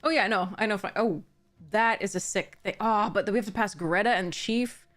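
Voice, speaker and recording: Talking fairly quickly in a mid-range voice, a slightly tired woman chats with her live-stream viewers while drafting cards. She's chatty, reasons through her picks out loud, and greets chat warmly.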